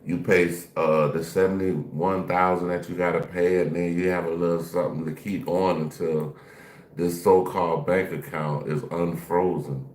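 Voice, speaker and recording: A man's voice: low voice, level tone, normal speed, a little mellow, echoey room. A man co-hosting a livestream, giving laid-back, slangy commentary and mocking the clip. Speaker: livestream co-host. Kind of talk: casual reaction commentary.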